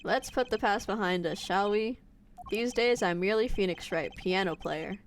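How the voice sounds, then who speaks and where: A woman voicing a weary former male lawyer who now plays piano, with subdued, low-key delivery. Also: moderate pace, slight background noise, close to an everyday voice.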